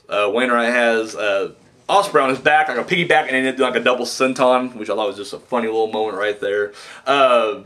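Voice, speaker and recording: A man reviewing a wrestling show in a casual, excitable way, full of fillers, restarts and quoted reactions. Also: mid-range voice.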